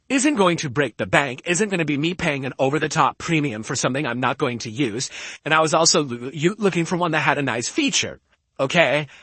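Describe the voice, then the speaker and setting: An emphatic man on a home stream who argues his point and keeps checking in with "okay?". His voice sits a little high for a man. He talks right into a close podcast mic, with a dry, roomless sound. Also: bright, forceful tone, no room sound. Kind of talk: casual stream talk. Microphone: studio podcast mic close up.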